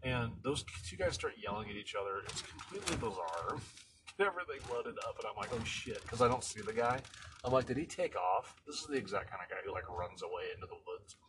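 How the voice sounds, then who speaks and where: A man's voice: fairly low pitch, expressive, fast, distant mic, noisy background. A middle-aged man who hauls junk telling a wild job story in casual, profane, laughing style. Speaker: junk hauler.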